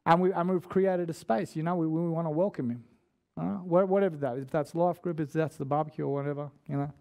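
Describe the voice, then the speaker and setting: A man's voice: on the high side, steady tone, fast talker, gravelly, mellow. Chatty man preaching. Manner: chatty, slangy, restarts often. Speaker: guest preacher. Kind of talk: casual sermon storytelling. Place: church.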